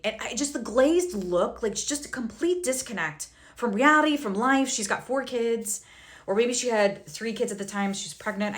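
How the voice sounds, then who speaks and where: A woman with a mid-range, slightly bright voice tells her social media followers a personal story to camera. She's frank and heated, using many fillers and correcting herself often.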